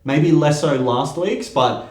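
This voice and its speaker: A man co-hosting a podcast, chatting in a relaxed, agreeable way. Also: on the high side, slow. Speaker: podcast co-host. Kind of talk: casual chat. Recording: echoey room.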